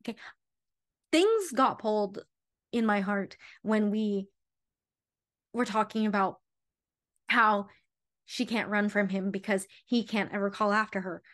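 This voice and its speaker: A young woman chatting emotionally about a favorite book and reading passages aloud. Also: mid-range voice. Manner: gushing, emotional. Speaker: book reviewer.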